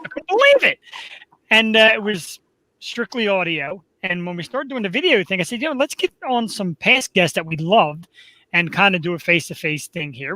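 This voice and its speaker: A man's voice: high voice, pushed and bright, no echo, poor audio. A man with a Philadelphia accent hosting a live webcast, chatting in an upbeat, rambling, self-deprecating way. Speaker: podcast host. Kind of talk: casual live webcast chat.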